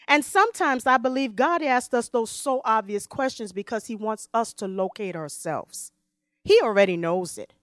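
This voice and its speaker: Lady preaching a sermon, kinda high voice, reads verses slow then goes big or real quiet. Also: animated, no room sound, studio quality. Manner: dramatic, swinging from loud emphasis to soft hushed tones; reads scripture slowly and deliberately.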